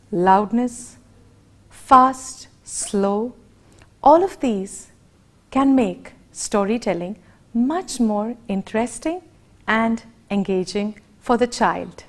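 Slow, high-voiced Indian woman lecturing. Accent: Indian English. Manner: deliberate, expressive teaching delivery. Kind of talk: educational lecture.

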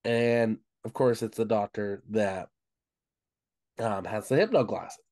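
A man's voice: on the low side, takes it slowly, a little mellow, no room sound, clean studio sound. Man casually retelling a comic's plot. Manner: retells plot with frequent "um" and "of course". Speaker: book club co-host. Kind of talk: casual podcast chat.

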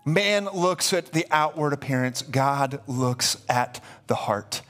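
Slow and mid-range, this man's voice carries an emphatic sermon in which he repeats words as he builds, speaking as pastor. Faint music plays beneath the live church stream.

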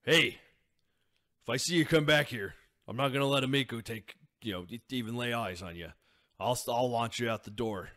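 A man voices an adventurer who speaks bluntly and steps in for a friend. The voice sits low and plain. He talks like someone ready to throw a bully out the door. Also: lively intonation, normal speed, a bit bright. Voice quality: blunt, gruff. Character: protective adventurer man, blunt, stands up to bullies.

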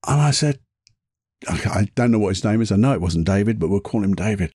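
A man's voice: on the low side, lively intonation, quick pace, warm tone, slightly rough, no echo, studio quality. A man hosting a podcast, telling personal stories in a chatty way and laughing at his own anecdotes. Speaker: podcast host. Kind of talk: casual storytelling monologue.

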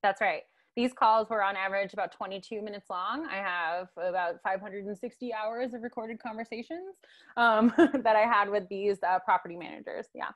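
A woman's voice: mid-range voice, normal speed. A woman giving a guest lecture over a video call, talking conversationally with many tag questions and fillers. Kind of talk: online lecture.

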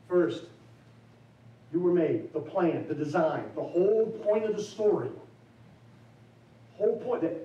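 A man's voice: fairly high pitch, dark tone. Man preaching in an echoey chapel. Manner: conversational preaching with emphatic rising build-ups; loose and self-deprecating, with fillers and restarts. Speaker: chapel speaker. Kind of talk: sermon. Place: college chapel. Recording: echoey chapel, mic at a distance.

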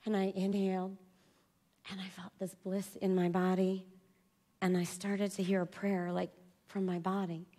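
A woman giving a confessional personal-story talk at a conference, swinging from loud outbursts to hushed near-whispers. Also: medium pitch, flat delivery, a little slow. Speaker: conference speaker. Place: conference stage before an audience.

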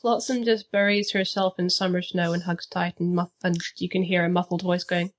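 A woman's voice: on the low side, level tone, brisk, slight background noise. A woman playing a tabletop role-playing game, speaking in a dry, understated way. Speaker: player.

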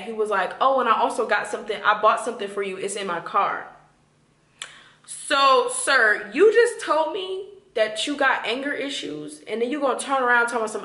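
A woman in her twenties tells a storytime straight to camera in a bright, forward voice. She is animated and talks directly to her viewers. The room around her is echoey. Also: sits high. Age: 20s. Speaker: vlogger. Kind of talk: storytime vlog.

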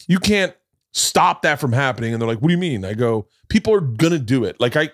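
A man's voice: mid-range voice, big pitch swings, brisk, dry recording. Middle-aged male podcast host, storyteller, profane, does quoted voices, dry close sound. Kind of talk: casual chat.

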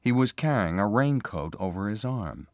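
A man slowly and clearly reading a graded story for English learners, with expressive delivery. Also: lowish voice, no room sound, clean studio sound. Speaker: narrator.

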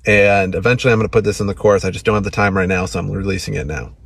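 Cocky male dating coach, husky low voice, swears freely. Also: fairly even intonation, racing, fairly bright tone, dry recording. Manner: brash, swears casually, acts out his own lines. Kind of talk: instructional monologue to camera.

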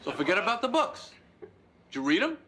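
A man's voice: high-pitched, big pitch swings, a little fast, crowd noise, background noise. A wry, quipping sitcom guy. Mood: incredulous. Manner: wry, incredulous quips. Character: wry, dry-witted man in his thirties. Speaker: sitcom character. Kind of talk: sitcom acting.

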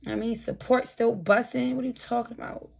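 Brief: woman livestreamer, combative late-night rant, gravelly husky voice, a touch high. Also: fairly even intonation, fairly quick. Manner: profane, combative, talks straight at her chat. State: tired, burnt out.

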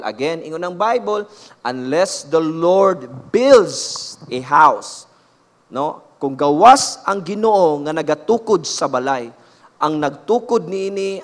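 A man's voice: fairly high pitch, fairly bright tone. A man with a Filipino accent preaching a sermon, switching languages and stressing his points with repeated phrases. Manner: switches between languages, emphatic, leads call-and-response. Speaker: pastor. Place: church hall. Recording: echoey church hall.

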